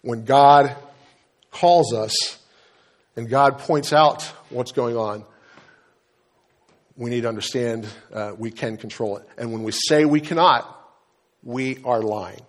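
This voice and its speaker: A middle-aged male pastor preaches a sermon in a medium-pitched voice, speaking slowly and pausing often. He's a storytelling preacher who acts out dialogue and frequently restarts his sentences.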